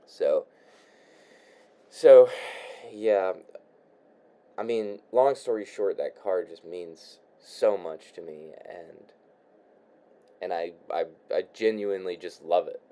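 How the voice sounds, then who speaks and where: A young man talks off the cuff in his room, his voice low and mellow. He trips over his own words, repeats himself and sighs, dropping in casual swears as he goes. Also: slow pace, pauses often. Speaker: vlogger. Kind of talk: rambling casual monologue while crafting.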